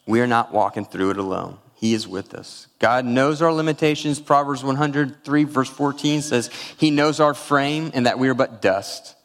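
A man's voice: mid-range voice, fairly even intonation, moderate pace, few pauses. Emotional male pastor in echoing hall. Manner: emotional, personal storytelling with scripture. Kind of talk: sermon.

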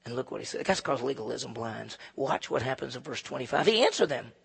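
A male pastor preaching a sermon in a fervent way, swinging between hushed asides and loud emphasis. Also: mid-range voice, lively intonation, fairly quick, creaky, slightly rough, big-room sound.

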